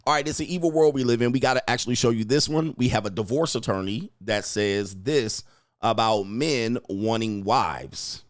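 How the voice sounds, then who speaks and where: A man's voice: medium pitch, moderate pace, no room sound. Guy ranting bluntly on his show, swears a lot, does little voices, dry close sound. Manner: blunt and profane, acts out quotes in other voices. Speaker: relationship commentator and host. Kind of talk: casual commentary reacting to clips.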